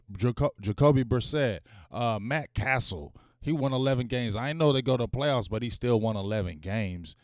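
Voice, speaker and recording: A man's voice: medium pitch, no room sound, clean studio sound. A man hosting a live-streamed sports talk show, speaking in casual slang and calling out to his viewers. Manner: animated, talks straight to viewers, casual slang.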